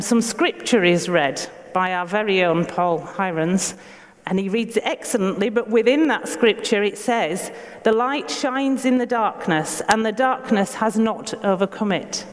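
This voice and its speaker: Earnest Yorkshire woman preaching in a hall. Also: on the high side. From Yorkshire, England. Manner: earnest, measured, with rhetorical questions. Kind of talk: sermon.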